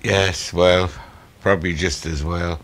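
A man's voice: sits low, steady tone, slow, a bit bright. A man co-hosting a web chat show, making dry, wry remarks. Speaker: co-host of a vaping web show. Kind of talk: casual chat.

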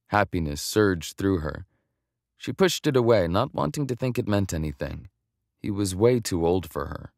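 A man narrating a romance audiobook in a deep voice. His reading is measured and even, recorded close and dry. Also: creaky, dry recording.

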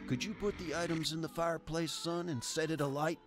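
A man voicing a kindly elderly game character who talks gently in formal, old-fashioned phrases. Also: on the high side, fairly even intonation, brisk, lightly acted. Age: older. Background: game music.

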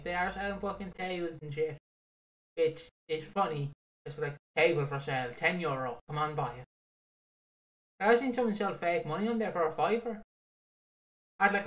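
Rambling, laughing podcast co-host. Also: medium pitch. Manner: rambling, laughing, frequent restarts and swearing. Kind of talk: casual chat.

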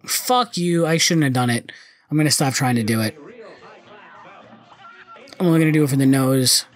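A man's voice: medium pitch, animated, normal speed, soft background music. A young man commenting on his own gameplay, frustrated and cursing often. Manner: frustrated, swearing, muttering.

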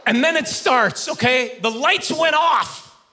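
A man doing stand-up in front of a studio audience, his voice high and bright. He tells the story with animated energy and slips into quick mock voices for others. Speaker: stand-up comedian. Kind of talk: stand-up comedy routine. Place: stage before a live studio audience.

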